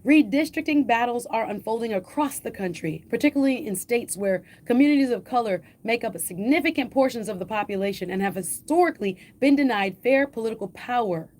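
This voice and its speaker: A woman host with a Jamaican accent, reading an editorial aloud and commenting on it, slowing down and lifting her voice on key phrases. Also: animated, a little mellow. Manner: emphatic, slows and lifts pitch on key phrases.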